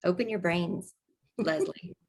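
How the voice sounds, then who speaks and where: A woman co-hosting a casual wellness chat, telling lively personal anecdotes and acting out what people said. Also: lowish voice, a little slow. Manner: lively anecdotes, acts out quoted voices. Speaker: co-host of a wellness group chat.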